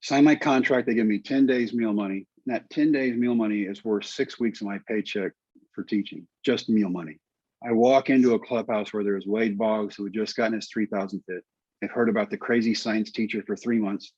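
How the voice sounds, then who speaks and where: Husky-voiced man telling a story. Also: fairly low pitch, normal speed, no echo, lo-fi sound. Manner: animated storyteller, quotes people in voices. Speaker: guest, former pitcher. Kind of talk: storytelling interview.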